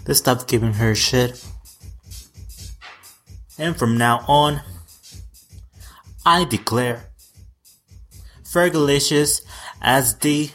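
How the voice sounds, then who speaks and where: A man's voice: mid-range voice, drawn-out words, long pauses, fairly bright tone, soft background music. A man in his twenties giving casual pop-culture commentary in a sassy, campy way, swearing freely. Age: 20s. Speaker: vlogger.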